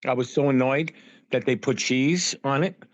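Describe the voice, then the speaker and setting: A man telling lively stories as a podcast guest, sprinkling his talk with "you know" and acting out what people said. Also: medium pitch, normal speed, no room sound, lo-fi sound. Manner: animated storyteller, full of "you know" and acted-out quotes. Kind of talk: anecdotal interview chat.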